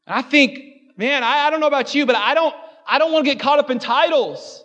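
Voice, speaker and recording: A man's voice: very high-pitched, fairly quick, a bit bright, dull audio. A man preaching a sermon as a pastor in a church, mixing joking asides with impassioned, repeated refrains.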